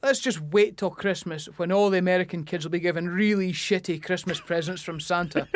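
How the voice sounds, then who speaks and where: High-voiced Scottish man, sweary banter. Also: fairly even intonation, fairly quick, no room sound. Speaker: podcast co-host. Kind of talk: casual comedic chat.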